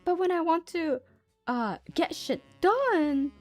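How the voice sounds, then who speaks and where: Giggly woman streamer with lively pitch. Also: slow pace, soft background music. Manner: chatty, giggly, lots of fillers. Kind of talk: casual chat with viewers.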